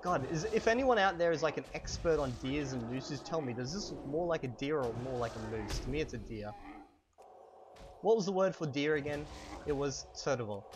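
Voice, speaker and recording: A man teaching vocabulary in a casual, chatty way while playing a game at home, repeating each word slowly for learners, a little hoarse from a cold. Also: on the high side, music in the background. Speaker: language teacher. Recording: steady background noise.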